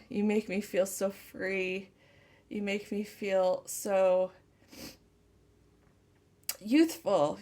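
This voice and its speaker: A woman tarot reader speaking a channeled message slowly and tenderly, close to tears. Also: mid-range voice, creaky, darkish tone. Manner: slow, tender, emotional. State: tearful.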